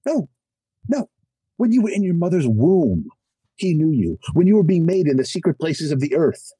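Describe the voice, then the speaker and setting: A middle-aged man speaking as a podcast guest, his husky, mellow voice swinging widely in pitch as he preaches with emphasis. He pokes fun at himself along the way. The sound is close and dry. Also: sing-song, moderate pace, dry recording, low-quality recording. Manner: self-deprecating humor. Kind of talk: animated conversational testimony.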